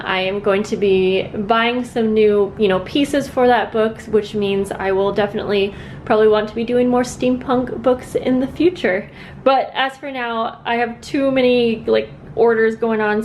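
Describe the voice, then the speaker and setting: A young woman talks casually to her viewers in an earnest, rambling way, her voice sitting in a middle pitch. A faint low rumble hums under the recording. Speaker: craft vlogger. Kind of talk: casual chat to camera. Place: at home.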